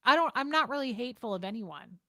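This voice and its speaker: Expressive and fairly bright, the woman's fairly high voice carries her casual livestream chat from a home setup. She talks to her viewers bluntly and profanely with quick shifts in delivery; there's no room sound.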